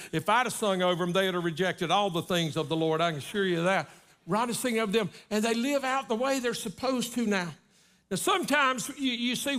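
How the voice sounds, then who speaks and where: A man's voice: high-pitched, a bit bright. A middle-aged man, a guest preacher, delivering a sermon in a folksy storytelling manner, often checking in with "right?". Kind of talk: sermon with personal stories. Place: church service.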